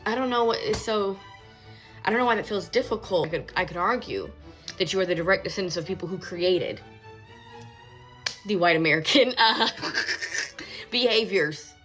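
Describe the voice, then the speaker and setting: A woman's voice: medium pitch, lively intonation, moderate pace, long pauses, a bit bright, faint music behind. A woman giving emphatic, lecturing commentary to camera, repeating words for stress. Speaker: social media commentator.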